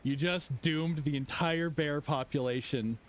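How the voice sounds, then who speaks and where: A man's voice: on the high side, unhurried, a little hiss or hum. A man chatting casually, giggly and hesitant. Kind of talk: casual chat.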